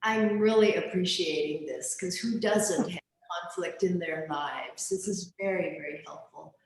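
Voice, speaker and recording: A woman in a meditation group slowly and warmly asking a question. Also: on the low side, heavy reverb, rough recording.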